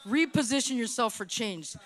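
A woman from Hawaii telling her testimony at church in an animated, dramatic style, repeating phrases for effect. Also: fairly high pitch, normal speed. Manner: animated, dramatic storytelling with repetitions. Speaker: church speaker giving testimony. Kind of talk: sermon testimony.

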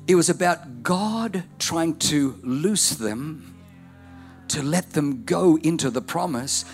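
A man preaching a sermon, telling a story and building to rhythmic repetition. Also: a little high.

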